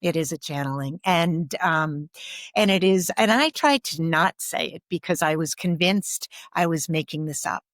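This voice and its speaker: A woman guest on a podcast speaking softly and thoughtfully in reflective conversation, pausing often with ums. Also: on the low side, no room sound, clean studio sound. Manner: soft-spoken, thoughtful, with frequent pauses and ums. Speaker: guest, grief and ancestral healer.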